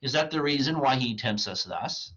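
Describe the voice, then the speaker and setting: A proud scholar bargaining away his soul, declaimed with emphasis by a man reading the play aloud. The voice is husky and bright, strained to the point of cracking. The recording sounds dull and lo-fi. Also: medium pitch, lively intonation, moderate pace, pitched above the performer's own voice. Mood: declaiming.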